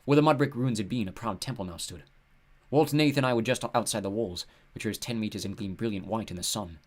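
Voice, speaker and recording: A man reading an audiobook in steady, measured scripted narration. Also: fairly low pitch.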